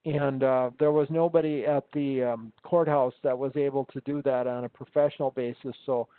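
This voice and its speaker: A man's voice: mid-range voice, fairly even intonation, moderate pace, no echo. Man on a tinny, phone-like line. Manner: rambling storyteller, many ums and restarts. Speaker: instructor. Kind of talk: casual conversation.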